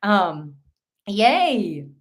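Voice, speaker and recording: Slow-talking Irish woman live-streaming. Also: mid-range voice, very animated. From Ireland. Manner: chatty and playful, with mumbled asides to herself and bursts of giggling. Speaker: livestreamer. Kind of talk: casual live-stream chat.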